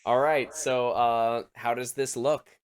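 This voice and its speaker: A man's voice: medium pitch, fairly even intonation, slow, clear, resonant tone. Laid-back man running a tabletop game. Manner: casual, swears, laughs easily. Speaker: game master.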